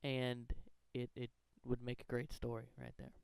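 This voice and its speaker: A man's voice: mid-range voice, completely flat delivery, moderate pace, vocal fry, darkish tone, clear, resonant tone, dry recording, poor audio. A man earnestly talking through a fan theory countdown, rambling and correcting himself as he goes. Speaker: fan theory video maker. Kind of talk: casual countdown commentary.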